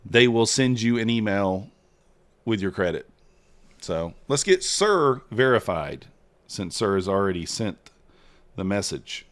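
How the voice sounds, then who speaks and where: A man hosting a casual trading livestream, chatting with viewers and reading their messages in a relaxed way. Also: lowish voice, a little slow, long pauses.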